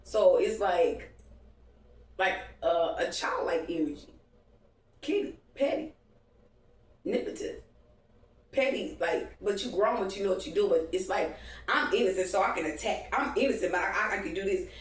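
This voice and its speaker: A woman's voice: on the low side, moderate pace, distant mic. A woman telling a rambling, profane late-night story to her viewers, calling them y'all. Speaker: vlogger. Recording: echoey room, voice a bit off-mic.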